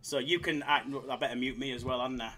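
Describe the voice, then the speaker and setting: A man's voice: medium pitch, steady tone, fast talker, pushed and bright, a little hiss or hum. A man with a Yorkshire accent hosting a live slots stream, chatting and joking casually with viewers. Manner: chatty, jokey, laughs often.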